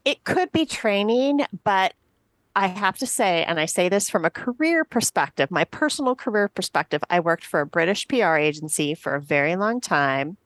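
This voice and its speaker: Emphatic, expressive American woman. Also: on the low side, moderate pace, no echo. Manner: emphatic, opinionated, stretches words for effect. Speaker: podcast co-host. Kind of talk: casual chat.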